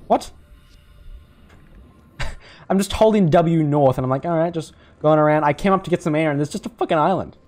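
A man's voice: on the high side, a little fast, pauses often, a little mellow, faint music behind. A young man giving casual, jokey gameplay commentary, rambling and swearing as he plays. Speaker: gaming YouTuber.

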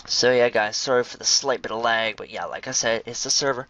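A young man giving chatty, excitable commentary on a video game and talking to his viewers. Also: mid-range voice, moderate pace, few pauses, muffled recording. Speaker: gameplay commentator. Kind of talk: casual gaming commentary.

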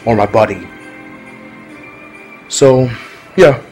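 A man's voice: mid-range voice, expressive, extremely slow, darkish tone, soft background music, poor audio. A man talking casually to his viewers in a rambling, repetitive vlog, often laughing. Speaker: vlogger.

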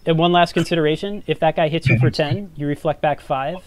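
Fairly high-voiced man explaining game rules. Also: fast talker, slight background noise. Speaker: player. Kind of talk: casual chat at a game table.

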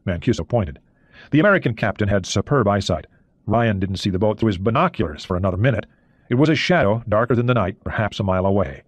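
A man reading a thriller audiobook in steady narration. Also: fairly low pitch, fast, breathy edge, no room sound.

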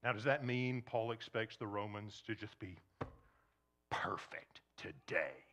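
A man preaching a sermon to a congregation, shifting between loud emphasis and hushed near-whispers, and acting out imagined questioners. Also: on the low side, a little slow. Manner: acts out imagined questioners in quoted asides. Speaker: pastor.

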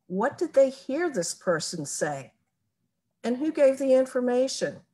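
Woman presenter, slow deliberate pace, medium pitch, step-by-step tutorial delivery. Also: darkish tone. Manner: slow, methodical, explaining step by step. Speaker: genealogy presenter. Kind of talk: recorded screen-share tutorial.

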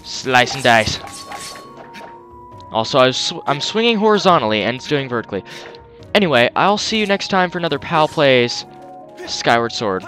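A man's voice: fairly high pitch, big pitch swings, a little fast, a bit bright, soft background music. A man on a headset mic giving jokey, self-mocking commentary while playing a video game. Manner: jokey, self-mocking, laughs at own jokes. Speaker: let's play host. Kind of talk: gameplay commentary.

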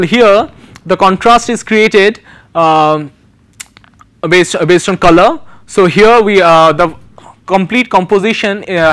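A man giving a recorded design lecture, explaining slides in a halting way with many pauses and restarts. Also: high-pitched, fairly bright tone, clean tone.

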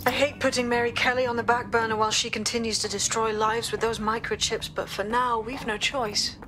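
An actress playing a resolute resistance operative in a video game, speaking in a determined, businesslike way. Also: female voice, a little high, level tone, brisk, noisy background, natural voice.

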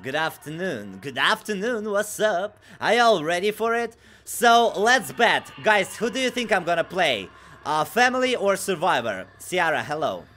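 A fairly high-voiced man hosts a casual game stream, reading viewer messages aloud. His voice has a bright, sharp edge. He is restless and excitable, dropping to low mutters one moment and bursting out loudly the next. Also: moderate pace, slight background noise. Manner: excitable and restless, swings from mutters to loud outbursts.

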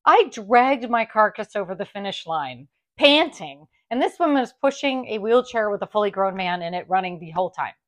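A middle-aged woman talks to her viewers in a warm, chatty way. She laughs often and restarts her sentences as she tells a long story. Her voice sits at a middle pitch. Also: lively intonation, moderate pace, hardly any pauses. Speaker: vlogger unboxing a clothing haul.

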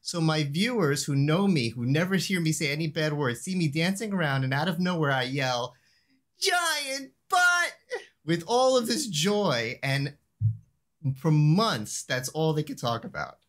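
A man on a video call, casually telling a funny anecdote and acting out the lines he shouted. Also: a little high, normal speed. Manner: animated storyteller, acts out the shouted line. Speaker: show regular, co-host.

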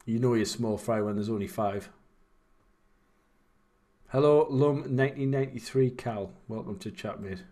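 A man's voice: medium pitch, normal speed, long pauses, dark tone. A young man, casually chatting and rambling while commentating on his own game. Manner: rambling, chatty, self-deprecating. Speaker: streamer.

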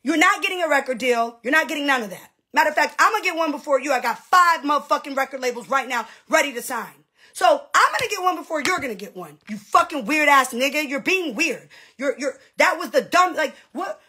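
A woman's voice: high-pitched, lively intonation, fairly quick, sharp tone. A woman, a reality TV personality, in a casual livestream rant to her fans, brash and profane with mocking asides.

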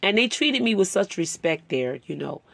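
A woman's voice: mid-range voice, big pitch swings, normal speed, gravelly, fairly bright tone, no room sound. A woman telling a personal story in a sermon-style talk, conversational and emotional. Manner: conversational, rambling with fillers; emotional, tearing up. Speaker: Bible teacher.

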